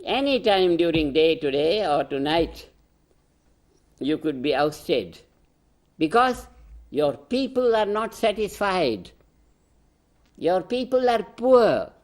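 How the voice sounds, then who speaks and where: An older man with an Indian accent, speaking as a spiritual teacher in a slow, emphatic address, repeating key phrases and laughing softly between points. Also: fairly high pitch, big pitch swings. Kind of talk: proclamatory address.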